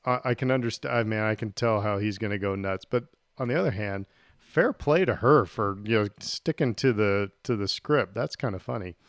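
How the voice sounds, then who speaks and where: A man's voice: fairly low pitch, normal speed, no room sound, clean studio sound. A man co-hosting a podcast, telling a rambling story in casual chat. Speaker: podcast co-host.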